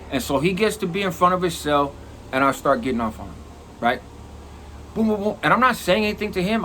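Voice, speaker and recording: A middle-aged man telling a prison story in a casual, profane, animated way. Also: mid-range voice, slight background noise. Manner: animated, profane, acts out quoted lines.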